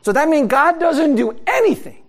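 A man's voice: extremely high pitch, very animated, normal speed. A man preaching a sermon in a conversational way, asking his listeners rhetorical questions and laughing now and then. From America. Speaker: pastor.

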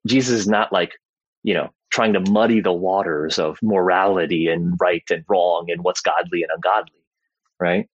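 A man's voice: deep voice, fairly even intonation, normal speed, breathy edge, no room sound, muffled recording. A man and father giving a casual Bible teaching, talking conversationally and often checking in with "right?" along the way. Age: adult parent. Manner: conversational, tags sentences with "right?", frequent "like" and "you know".

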